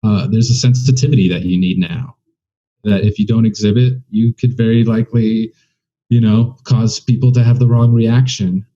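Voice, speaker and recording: A comedian from the United States, talking candidly and a bit rambling in a casual interview. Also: male voice, lowish voice, steady tone, moderate pace, mellow, lo-fi sound. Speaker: comedian guest. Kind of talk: casual conversation.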